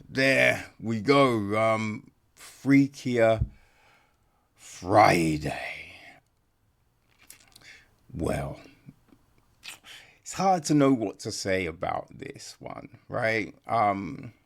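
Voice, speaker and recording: A man's voice: lowish voice, expressive, slow, vocal fry, bright, forceful tone. A man giving a casual, rambling film review on a podcast, blunt and swearing, tagging his points with "right?". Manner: rambling, blunt, swears, many tag questions.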